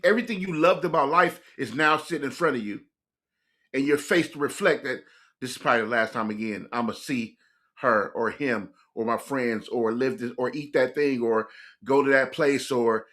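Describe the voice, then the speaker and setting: A man hosting a music reaction video, talking straight to his viewers in an excitable, laughing way. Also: on the high side. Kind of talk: casual reaction commentary.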